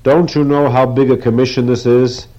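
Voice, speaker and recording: A man's voice: medium pitch, level tone, moderate pace, mellow, pitched above the performer's own voice, lightly acted. A man voicing an exasperated middle-aged male board member who pleads urgently in a raised voice. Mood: pleading. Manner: urgent, imploring, rising voice. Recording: dull lo-fi recording.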